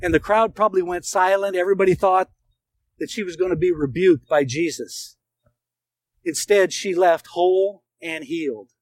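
Male pastor with a high voice, earnest sermon storyteller who leans on dramatic pauses. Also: dry recording, low-quality recording.

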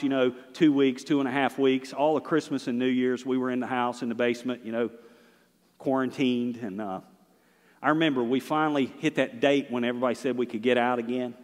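A middle-aged man, a pastor preaching a sermon, swinging between loud and hushed delivery. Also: medium pitch, fairly even intonation, a little fast, in a large hall.

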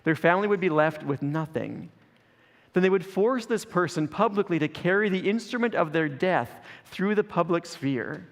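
A man's voice: high-pitched, expressive, moderate pace. Earnest male preacher in a reverberant hall. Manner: earnest, builds through repeated phrases. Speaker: pastor. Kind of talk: sermon.

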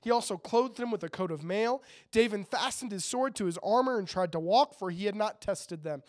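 High-voiced man preaching casually. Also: fairly quick. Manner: chatty, jokey asides to the audience. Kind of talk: casual sermon with scripture reading.

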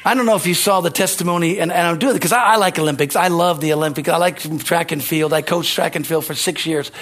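A man's voice: on the high side, quick pace, a bit bright. A man preaching a rousing sermon, calling out amens and hallelujahs between points. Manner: rousing, call-and-response preaching. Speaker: pastor.

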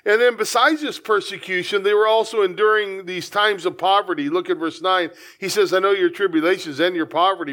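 A man's voice: high-pitched, bright, forceful tone. A man pastor preaching a conversational sermon, breaking into acted-out asides.

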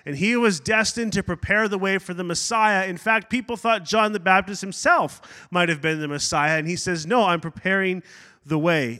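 A high, bright-toned man preaches a sermon in a church sanctuary, where his voice rings with a long reverb. He preaches with energy, breaks off for side notes and acts out quotes as he goes. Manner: animated preaching with asides and acted-out quotes. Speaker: pastor.

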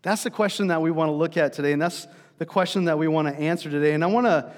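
A man's voice: a little high, fast, long reverb tail. A man preaching a sermon as pastor, telling stories in a conversational way with frequent fillers and restarts.

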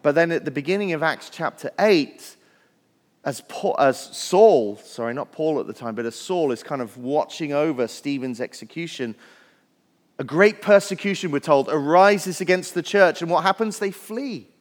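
Male pastor, earnest sermon delivery, slightly high-pitched, church hall echo. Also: expressive, normal speed. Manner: earnest preaching, building lists with rising emphasis. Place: church sanctuary.

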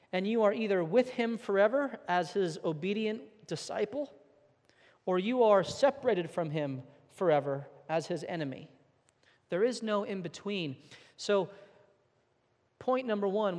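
A man's voice: sits high, normal speed, a little mellow. A man preaching a sermon from the pulpit, earnest and emphatic, now and then repeating a word as he presses his points. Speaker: pastor. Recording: long hall reverb.

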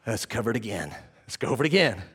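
A man preaching a sermon as pastor, animated and acting out the voices he quotes. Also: lowish voice, very fast, breathy edge.

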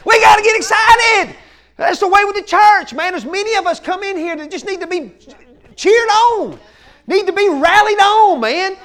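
High-voiced excitable pastor. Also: male voice. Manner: excitable, shouting bursts, folksy "man" fillers. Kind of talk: energetic sermon.

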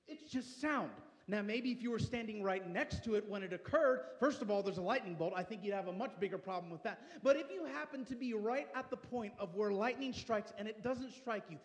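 A man in his thirties preaching a passionate sermon as pastor, swinging between hushed and loud delivery. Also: high voice, brisk, hardly any pauses. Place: church sanctuary. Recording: echoey church hall.

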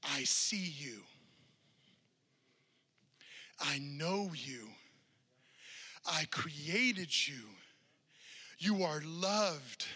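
Jesus, tender and softly reassuring, as a preacher voices him. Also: male voice, on the high side, husky, full character voice. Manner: slow, tender, partly whispered affirmations. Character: Jesus, gentle loving man reassuring softly. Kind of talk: quoted voice in a sermon.

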